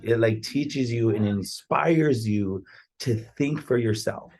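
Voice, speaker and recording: Speaking slowly at medium pitch, his voice a little mellow, a podcaster on real estate and personal growth delivers rambling, earnest motivation in a casual way. He often checks in with his listeners by asking "right?"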